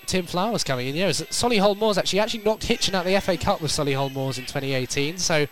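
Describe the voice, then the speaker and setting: A man from North East England commentating live on a football match outdoors, quick play-by-play that rises in pitch and volume at big moments. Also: a bit bright.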